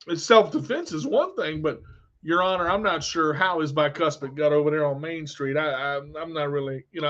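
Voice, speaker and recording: A man's voice: high voice, fairly bright tone, highs cut off. A man vlogging in a candid, blunt monologue, telling personal stories with emphasis.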